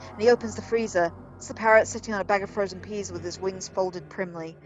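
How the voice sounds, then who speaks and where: A woman's voice: medium pitch, steady tone, fast talker, fairly bright tone, poor audio. A woman playing a video game, reading its emails and jokes aloud with casual, wry remarks. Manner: casual, wry, reads jokes with put-on voices. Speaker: let's play gamer.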